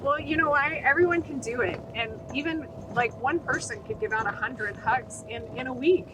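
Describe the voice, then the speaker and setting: A middle-aged woman speaking earnestly as a guest on a podcast interview, telling stories with animated energy. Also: high voice, moderate pace, background noise. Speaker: guest, nonprofit founder.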